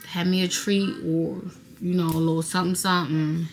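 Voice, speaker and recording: Low-voiced slangy woman vlogger. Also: normal speed, a little hiss or hum. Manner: relaxed, slangy, chatty. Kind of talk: casual vlog chat.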